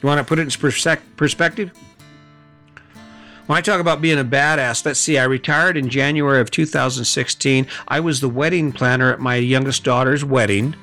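A man's voice: mid-range voice, steady tone, a little fast, pushed and bright, soft background music. A middle-aged man hosting a podcast, giving a blunt motivational monologue full of rhetorical questions and swearing. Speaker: podcast host.

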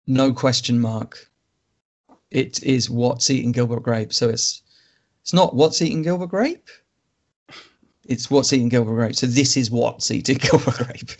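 A man's voice: mid-range voice, flat delivery, unhurried. Dry-witted man summarizing films. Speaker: podcast co-host. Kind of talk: casual film chat and plot summary.

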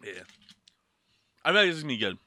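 A man's voice: medium pitch, big pitch swings, a little fast, sharp tone, no echo, clean studio sound. A young man doing a casual snack taste test, blunt and joking, with lots of swearing. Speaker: food taster.

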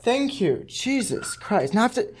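A man's voice: extremely high pitch, very animated, normal speed, husky, pitched above the performer's own voice, full character voice. A man playing a hesitant, fumbling male caller with a put-on accent during a prank phone call, stalling with ums and restarts. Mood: flustered.

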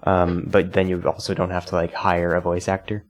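Low-voiced man in casual discussion. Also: monotone, a little fast. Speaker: podcast panelist.

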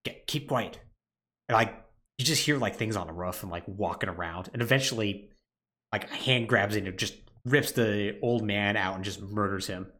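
A man co-hosting a casual podcast, retelling a game's plot in an animated way with lots of "like" fillers. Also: lowish voice, normal speed. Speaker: podcast co-host.

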